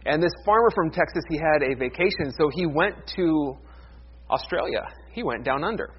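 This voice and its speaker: A man's voice: on the high side, expressive, normal speed, muffled recording, a little hiss or hum. A man in his thirties, a pastor giving a casual, self-deprecating sermon that opens with a folksy joke.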